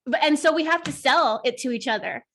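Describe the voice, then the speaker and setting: A woman with a high, bright voice talking casually on a podcast. She is animated, laughs a lot and swears in passing. She acts out quoted lines with shifting tone. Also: brisk. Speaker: co-host.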